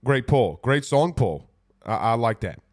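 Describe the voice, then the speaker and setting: A man's voice: mid-range voice, sing-song, measured pace, darkish tone. Congested man hosting sports talk. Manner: laid-back, rambling with fillers. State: congested from a cold. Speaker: podcast host. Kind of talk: casual sports talk, reading viewer comments.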